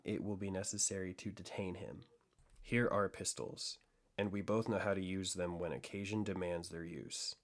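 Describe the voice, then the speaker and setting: A man voicing a coolly analytical gentleman detective, laying out his deductions in a measured, lecturing way in an audiobook reading. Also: low-pitched. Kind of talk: audiobook reading of classic fiction.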